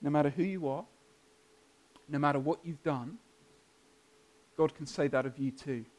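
A man delivering a sermon as a pastor. He speaks earnestly and emphatically in a slightly high voice, rising toward climaxes and then easing down. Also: normal speed, a little mellow.

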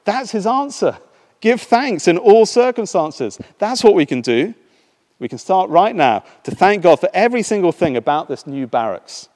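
A serene, devout young woman prisoner speaks eagerly and earnestly, as a man puts her voice on. The voice is lifted high and sounds bright with conviction. A long hall reverb hangs after each line. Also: sing-song, a little slow.

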